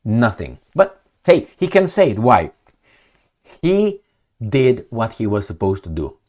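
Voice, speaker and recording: A man's voice: medium pitch, unhurried. A man giving blunt, sarcastic political commentary, mocking and jabbing, then dropping into muttered asides. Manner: animated, swings between loud jabs and muttered asides. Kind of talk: casual commentary vlog.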